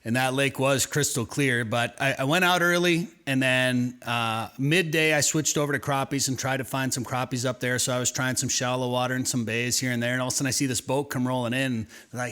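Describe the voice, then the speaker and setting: Bright-voiced rambling male radio host. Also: medium pitch, steady tone, brisk. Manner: rambling storyteller, repeats words. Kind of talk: casual radio chat.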